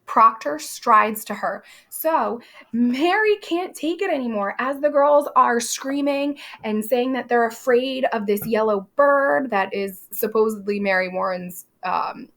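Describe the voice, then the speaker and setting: A woman's voice: on the high side, measured pace. A woman teacher explaining a play to her class over a video call, in a casual, chatty way.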